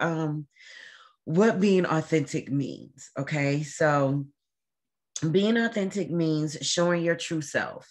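A woman hosting a faith-based talk to camera, speaking earnestly and haltingly, often pausing with "um" as she holds back tears. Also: low-pitched, a little mellow. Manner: earnest, emotional, halting with frequent ums. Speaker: show host.

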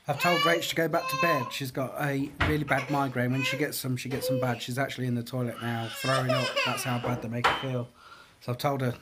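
A man's voice: medium pitch, flat delivery, brisk, few pauses, heavy background noise. A British man vlogging casually at home on a handheld phone, rambling with lots of fillers and restarts. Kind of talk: casual daily vlog chat. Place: at home, indoors.

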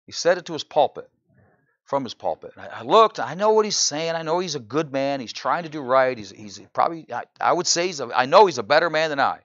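Animated preaching man, muffled recording. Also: on the high side, fast, no echo. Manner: animated preaching, frequent "right?" asides to the congregation; builds to loud, incredulous exclamations. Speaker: pastor. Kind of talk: sermon. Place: church.

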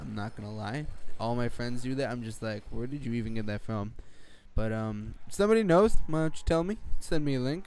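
A man's voice: medium pitch, darkish tone, slight background noise. A teenage boy giving rambling, jokey gameplay commentary late at night, swearing and jumping between topics. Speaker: gaming commentator.

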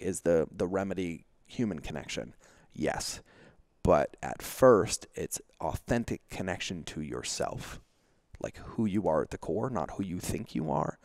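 Recorded dry and at studio quality, this man's bass voice is creaky and a little mellow. As a podcast guest he tells his stories with candid, confessional emphasis, leaning heavily on "like" and performing the quotes he recalls.

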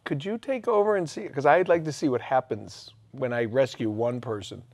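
A man casually bantering while playing an old video game, self-mocking and breaking into excited outbursts. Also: mid-range voice, normal speed. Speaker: game show co-host. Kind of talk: casual let's-play banter.

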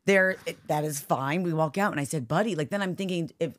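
A woman's voice: low-pitched, fairly quick. A middle-aged woman co-hosting a podcast, telling a story in casual chat with lots of fillers and quoted family lines. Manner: rambling storyteller, quoting her family, heavy fillers. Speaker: podcast co-host.

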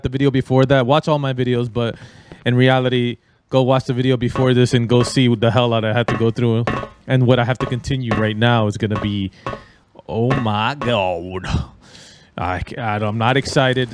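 A man's voice: mid-range voice, a little hiss or hum. A young man rambling and joking crudely while commentating on a horror game. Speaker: gaming channel host. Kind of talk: casual gameplay commentary.

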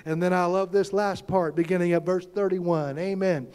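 A pastor, preaching fervently and calling out to the congregation. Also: male voice, sits high, normal speed, hardly any pauses. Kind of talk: sermon.

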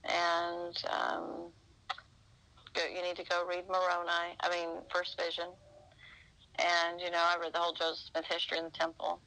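A woman's voice: fairly low pitch, completely flat delivery, moderate pace, pushed and bright, rough recording. A woman in an effusive casual phone chat, telling stories and acting out what others said. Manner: effusive storytelling, acting out quoted talk. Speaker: phone caller.

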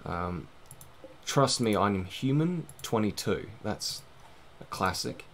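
A man's voice: fairly low pitch, expressive, takes it slowly, fairly bright tone, slight background noise. A man giving casual, rambling, self-mocking commentary while playing a game, swearing now and then. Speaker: gaming let's-play host.

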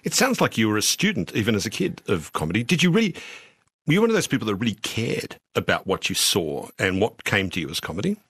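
A man with a low voice that moves animatedly up and down, asking quick, curious and playful questions. His voice is recorded dry in a studio. He speaks at a brisk pace. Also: huge pitch swings, fairly bright tone, breathy edge, no echo. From Australia. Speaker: podcast host. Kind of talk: conversational interview.

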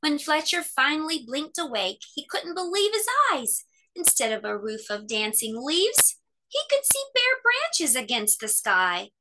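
A woman reading a children's picture book aloud at story time. Her voice is bright and fairly high, and she tells the story expressively. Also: animated, a little slow.

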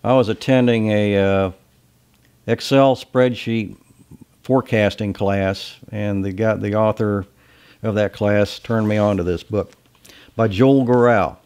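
A man's voice: fairly low pitch, fairly even intonation, measured pace, darkish tone, clean tone. A man from Ohio with a slight Southern drawl, giving a casual lecture on sales in a blunt, folksy, salty way. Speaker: sales trainer.

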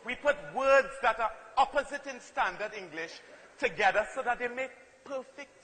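A man's voice: very high voice, animated, moderate pace, sharp tone. A man from Trinidad with a Trinidadian accent, performing a playful comic monologue with strong emphasis and acted-out voices. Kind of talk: comic spoken-word performance. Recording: long hall reverb, faint noise.

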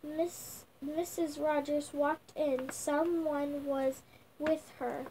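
Young girl, high voice, slow halting storybook read-aloud with restarts, faint room noise. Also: little pitch movement, dark tone, low-quality recording. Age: child. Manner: slow halting reading, sounding out words with restarts. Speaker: young reader. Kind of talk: reading a picture book aloud. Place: at home.

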